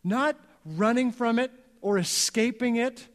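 Higher-voiced male pastor in a ringing hall. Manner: earnest, dropping soft and slow on key lines. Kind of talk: sermon. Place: church sanctuary. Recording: long reverb of a church hall.

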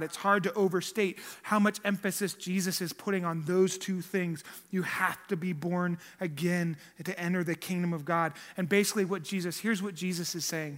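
Bright-voiced man preaching in a reverberant hall. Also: sits high, steady tone, moderate pace, few pauses. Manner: informal and emphatic, with frequent restarts and rhetorical questions. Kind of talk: conversational sermon. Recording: long reverb of a large hall.

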